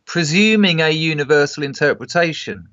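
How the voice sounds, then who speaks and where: Bright-voiced man, probing questions. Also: a little high, lively intonation, moderate pace, dry recording, lo-fi sound. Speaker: guest, novelist. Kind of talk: casual conversation.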